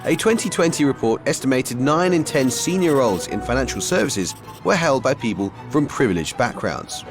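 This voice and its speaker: A man narrating a documentary, his voice rising and falling with animation as he poses questions. He sounds engaged and curious. Music plays in the background. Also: mid-range voice. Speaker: documentary host.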